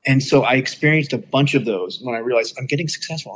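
A man's voice: mid-range voice, fast talker, fairly bright tone, slightly rough, low-quality recording. A middle-aged man telling a personal story in casual conversation, acting out quoted dialogue with big jumps in his voice.

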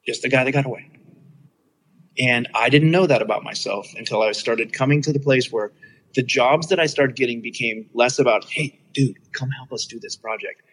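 Telling his own story as a guest, a middle-aged man speaks easily at a moderate pace in a slightly husky, breathy, normally pitched voice. He animates what others said with big leaps up in pitch, and the audio is poor.

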